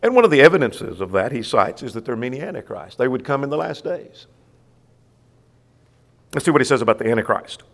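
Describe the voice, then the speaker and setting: A man's voice: mid-range voice, sing-song, fairly quick, vocal fry, long pauses, a bit bright, in a large hall. A man preaching a sermon in a church, asking himself questions and answering them.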